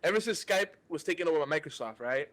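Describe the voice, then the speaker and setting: A podcast host ranting with exasperation, his voice sitting a little high for a man. He stumbles and restarts as he keeps going, in loose, casual banter. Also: lively intonation, fast, fairly bright tone.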